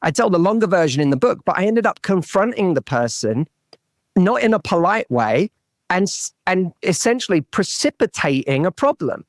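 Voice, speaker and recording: A man's voice: high voice, very animated, normal speed, no room sound, studio quality. A man who works as a relationship coach, talking as a guest in a podcast interview, telling a personal story earnestly and often restarting and repeating words.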